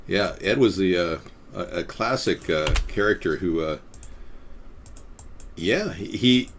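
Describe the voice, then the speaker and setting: A man's voice: low voice, expressive, slow, long pauses, a little hiss or hum. A young man hosting a live stream, loosely chatting with many fillers and reading an article aloud.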